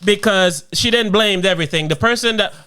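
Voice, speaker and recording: A man's voice: high voice, fairly quick, smooth. A man co-hosting a casual podcast chat, telling profane stories with lots of acted-out voices. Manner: animated storyteller acting out voices, profane. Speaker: podcast co-host.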